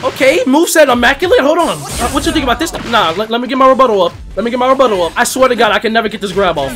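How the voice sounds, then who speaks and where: Over loud, bouncy game music, a high-voiced gaming YouTuber gives excited commentary on a fighting game at a rapid-fire clip. He's full of slang and constantly shifting pitch, breaking into loud outbursts and laughter.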